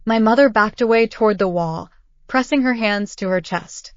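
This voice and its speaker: A woman narrating a dramatic first-person story in a steady reading voice. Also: a little high, normal speed, no echo, muffled recording.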